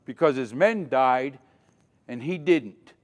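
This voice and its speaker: A man's voice: mid-range voice, lively intonation, takes it slowly. An older man giving a dramatic safety lecture at a conference, quizzing the audience as he goes. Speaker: safety trainer. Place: conference hall. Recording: long hall reverb.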